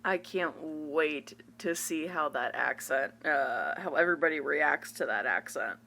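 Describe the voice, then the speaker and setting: A woman's voice: low voice, lively intonation, measured pace, creaky, bright, forceful tone. A woman co-hosting a podcast, chatting frankly and telling stories with casual swearing. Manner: frank, swears freely, storytelling. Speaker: podcast co-host. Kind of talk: casual chat.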